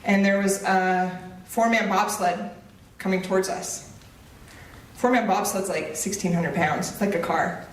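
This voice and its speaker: A woman's voice: medium pitch, fairly even intonation, a little slow, far from the mic. A woman giving a motivational speech, telling a personal story with humor and direct lines. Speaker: motivational speaker. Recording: roomy echo, voice off mic.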